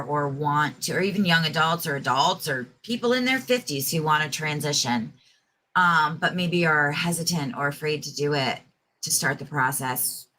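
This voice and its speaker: A woman's voice: deep voice, bright, forceful tone, poor audio. A woman co-host asking long, rambling, self-correcting questions in a casual interview.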